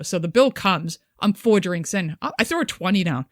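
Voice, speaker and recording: A woman, co-hosting a podcast and telling animated, profane stories full of acted-out quotes. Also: lowish voice, brisk, dry recording, clean studio sound. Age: 50s. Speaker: podcast co-host. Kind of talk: casual chat.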